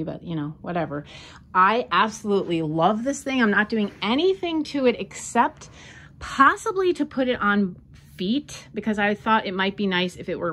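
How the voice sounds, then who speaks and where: A middle-aged woman with a medium-pitched, fairly bright voice films a casual show-and-tell vlog at home. She moves between rooms and outdoors, enthusiastically showing off the decor she found thrifting.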